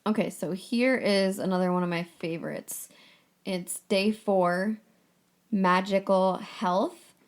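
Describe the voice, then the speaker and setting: A woman hosts a laid-back solo podcast with a breezy, playful way of talking. She stays chatty and upbeat and drops casual swear words as she goes. Her pitch sits in an ordinary middle range. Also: slow pace. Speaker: podcast host.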